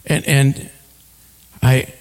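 A man preaching a sermon, telling a story with halting repeats and leading the congregation in call-and-response. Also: big-room sound. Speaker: pastor.

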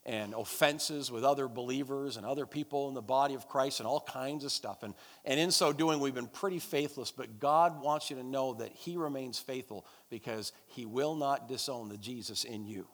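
A man's voice: medium pitch, moderate pace, few pauses. A man preaching a sermon and leading prayer in a church, emphatic and repetitive, calling out to the congregation. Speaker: pastor. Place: church service. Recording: long church hall reverb.

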